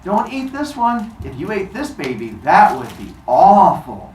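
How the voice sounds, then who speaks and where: Shrill dramatic goddess mother, very high, a man doing her in an echoey room. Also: huge pitch swings, unhurried, darkish tone, distant mic, a little hiss or hum, full character voice. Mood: fake-sweet. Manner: high fake-sweet then frantic wailing.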